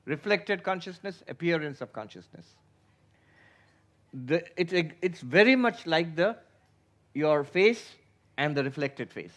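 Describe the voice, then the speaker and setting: A man with a rather high voice leads a philosophy class as a spiritual teacher. He explains patiently, often asking his listeners questions. He slips into quick impressions of everyday thoughts to make his points. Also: expressive, fairly bright tone. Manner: acts out everyday inner voices for illustration.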